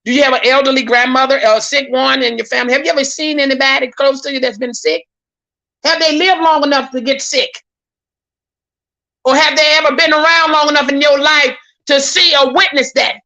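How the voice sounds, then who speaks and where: Her voice is high and ringing, steady in tone yet sharp, a little fast, with the highs cut off. The YouTube commentator delivers heated, preachy, indignant live-stream talk, hammering the same points, tripping over words when riled and calling her viewers "y'all."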